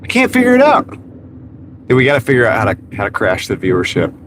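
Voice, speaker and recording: A man's voice: medium pitch, huge pitch swings, a little fast. A man and gig delivery driver streaming live from his car, chatting casually and joking at his own expense while greeting viewers by name. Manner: joking, self-mocking, talks to chat by name. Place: inside a car. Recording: car road noise.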